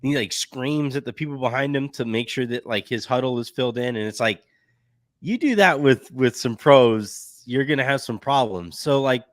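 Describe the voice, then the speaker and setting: A man's voice: mid-range voice, moderate pace, dry recording, clean studio sound. A man hosting a casual sports podcast, talking in a rambling way with many restarts. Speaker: podcast host. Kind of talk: casual chat.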